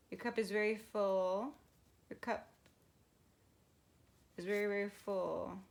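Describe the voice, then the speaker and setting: A woman doing a casual tarot reading for her viewers, musing aloud and laughing often. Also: mid-range voice. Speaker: tarot reader.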